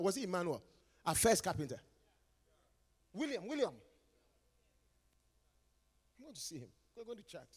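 A Ghanaian man preaching a lively conference sermon, teasing his listeners and swinging from quiet asides to shouted calls. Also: sits high, slightly rough, long reverb tail. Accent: Ghanaian English. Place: large conference hall.

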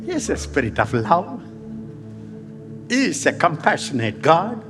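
A man with an Indian English accent preaching a sermon, emphatic and dramatic, swinging between loud and hushed. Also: sing-song, measured pace. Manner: emphatic, dramatic shifts in pitch and volume. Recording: long hall reverb with faint music.

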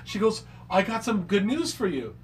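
A man telling a story in casual chat, animated, laughing and swearing as he acts out quotes. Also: high voice, moderate pace, a little hiss or hum. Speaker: podcast co-host telling a story.

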